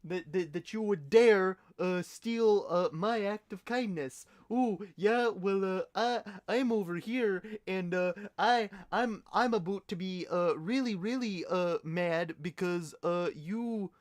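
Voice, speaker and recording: Man voicing a prissy, squabbling Canadian, pitched up and indignant. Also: drawn-out words, pauses often, sharp tone, full character voice. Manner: stammering, indignant politeness.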